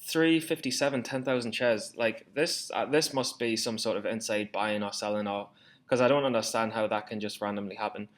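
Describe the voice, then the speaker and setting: A man's voice: on the low side, brisk. A man in his twenties talking through his stock trades in a casual, rambling way, swearing often and laughing at himself. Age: 20s. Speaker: stock trading vlogger. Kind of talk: casual screen-share commentary.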